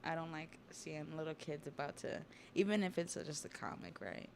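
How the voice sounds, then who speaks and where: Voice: mid-range voice, very animated, normal speed, slight background noise. A streamer casually recapping a comic on a livestream, with laid-back slang, laughter and swearing.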